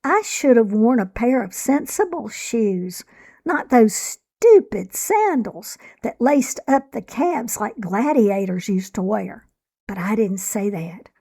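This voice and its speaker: A woman reads her own memoir aloud in a measured, reflective way. Her voice sits somewhat high and she takes her time with every phrase. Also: expressive, dark tone. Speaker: author and narrator. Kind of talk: scripted memoir narration.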